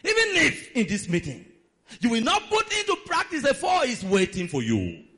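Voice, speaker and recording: A man delivers a sermon with dramatic emphasis. His voice sits high for a man and swings widely in pitch, rising and falling through each line. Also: wildly swooping pitch, normal speed, bright, forceful tone. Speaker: preacher.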